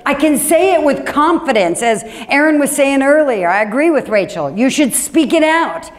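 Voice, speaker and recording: A woman pastor preaching a sermon in a church, animated and emphatic, with sudden drops to a quiet, low voice. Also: normal speed. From Washington State.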